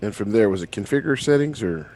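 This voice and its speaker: A man's voice: fairly low pitch, expressive, quick pace, a little mellow. A man playing a tabletop game, chatting in an offhand, indifferent way. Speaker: player. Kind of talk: casual chat at a tabletop game.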